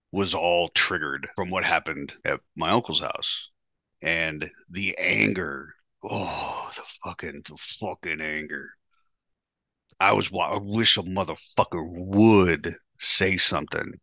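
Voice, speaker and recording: A man tells a raw personal story on his own show, swearing freely and acting out his old lines. His voice sits deep and low but carries a bright, forceful edge. The sound is dry and close, with no room around it. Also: no echo. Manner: profane, animated, acts out his own past lines. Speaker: podcast host telling his life story. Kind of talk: candid storytelling monologue.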